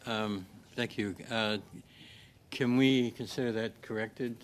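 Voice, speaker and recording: Brisk man chairing a committee. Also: on the low side, fairly even intonation, slight background noise. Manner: brisk, procedural, with many filler sounds. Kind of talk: chairing a meeting. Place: committee room.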